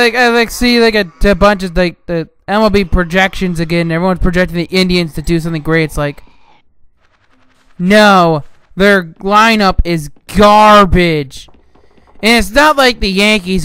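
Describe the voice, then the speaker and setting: A young man giving casual, rambling commentary over a game he is playing, getting frustrated and yelling at enemies. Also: sits high, clean tone. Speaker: gaming channel host. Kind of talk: casual let's play commentary. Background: game music.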